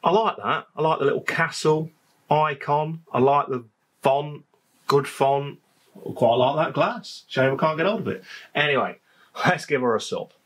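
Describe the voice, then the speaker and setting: A man's voice: a little high, moderate pace, a bit bright. A man with a Leicestershire accent, chatting casually and jokingly as he reviews a beer at home, often repeating his phrases. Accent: Leicestershire English. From England. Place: home garden, outdoors.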